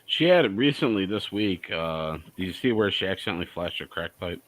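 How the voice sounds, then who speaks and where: A man's voice: low voice, animated, a little fast, a bit bright, rough recording. A man in a casual group chat who rambles and trips over his words.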